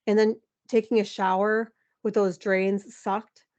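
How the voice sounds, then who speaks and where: Woman in her forties, animated storyteller, guest on a podcast, slightly dull lo-fi audio. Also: mid-range voice, measured pace. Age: 40s. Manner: emotional, animated retelling with frequent "like" and laughs. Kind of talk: candid interview storytelling.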